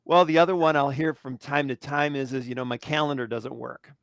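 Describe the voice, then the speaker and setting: A man co-hosting a live coaching call, wry and easygoing, with some gentle teasing. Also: medium pitch, fairly even intonation, brisk, gravelly, clean tone, no echo. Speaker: co-host. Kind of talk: casual coaching call chat.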